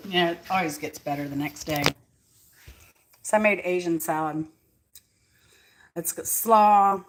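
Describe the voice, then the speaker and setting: A woman, chatting at home in her kitchen, rambling through stories with many fillers and frequent laughs. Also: fairly low pitch. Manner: laughs often while telling stories. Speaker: cooking vlog host. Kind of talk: casual storytelling chat.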